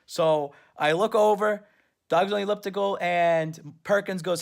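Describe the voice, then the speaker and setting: A man's voice: high voice, unhurried, vocal fry. A superfan man recapping his trip in a casual, rambling story. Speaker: superfan vlogger.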